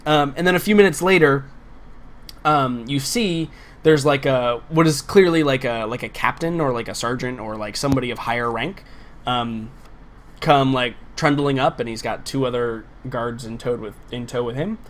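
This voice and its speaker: A man's voice: medium pitch, normal speed, fairly bright tone. A man narrating a tabletop game as game master, in loose narration full of fillers.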